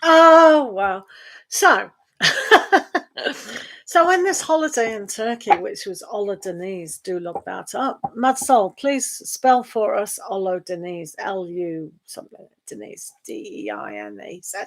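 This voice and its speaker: A woman's voice: medium pitch, expressive, slow. A middle-aged woman, chatting casually and rambling as she reads tarot on a live stream. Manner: chatty and rambling, with frequent laughs. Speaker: tarot reader.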